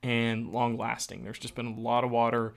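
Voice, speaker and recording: A man from West Virginia co-hosts a casual podcast, upbeat and urging, repeating phrases for emphasis. His mid-range voice is monotone with vocal fry, at a moderate pace.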